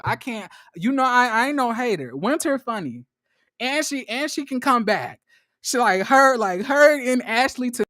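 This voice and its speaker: In clean studio audio free of room sound, a guy breaks down a reality show in a casual, lively, slangy rundown, shooting up into squeals whenever he acts out what people said.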